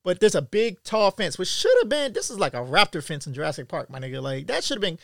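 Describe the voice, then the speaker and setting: A young man delivering a casual, profane commentary monologue. He swings from loud, high outbursts to low mutters. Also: very animated, fast, vocal fry, no room sound, clean studio sound.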